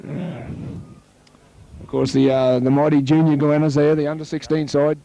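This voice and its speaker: A man with an Australian accent calling a local rugby league match play by play, chatting with his co-commentator and rising to excited shouts on tries. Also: on the high side, normal speed, poor audio.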